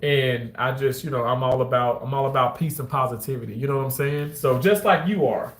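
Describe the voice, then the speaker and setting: A man chatting casually with his viewers on a livestream, animated and quick to exclaim. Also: medium pitch, roomy sound.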